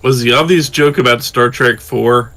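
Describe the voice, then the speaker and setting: A man's voice: medium pitch, moderate pace, bright, forceful tone. A man chatting casually on a voice call while playing a game with friends, teasing the others with dry jokes. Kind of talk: casual chat while gaming.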